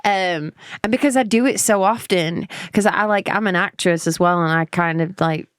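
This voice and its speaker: A young woman with an English accent, chatting as a guest on a podcast interview in a bubbly, quick way. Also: fairly low pitch, clear, resonant tone, no echo, studio quality. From England. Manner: bubbly, quick, laughs often. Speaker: guest musician. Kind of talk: casual interview chat.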